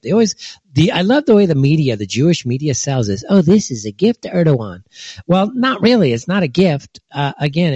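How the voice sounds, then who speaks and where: A man's voice: darkish tone, husky, dry recording. Heated man ranting, dull lo-fi sound. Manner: heated, scornful, pitch jumps high when indignant. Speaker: political commentary host. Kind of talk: online opinion show monologue. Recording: dull lo-fi dry recording.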